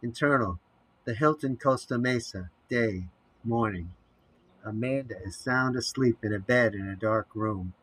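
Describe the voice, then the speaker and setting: A man narrating an audio drama, reading scene headings and stage directions in a measured way. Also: medium pitch, a bit bright, slightly rough, poor audio.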